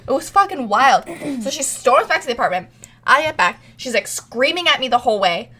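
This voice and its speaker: A woman's voice: high voice, fairly quick. A young woman co-hosting a casual podcast, telling a story animatedly, swearing freely and acting out what everyone said. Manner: animated, swears a lot, acts out quotes. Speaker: podcast co-host.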